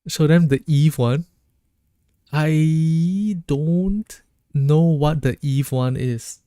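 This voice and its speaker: A man's voice: fairly high pitch, big pitch swings, very slow, long pauses, warm tone, dry recording, clean studio sound. A man streaming a game, chatting casually with his chat and joking around. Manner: joking, laughs often, reads chat aloud.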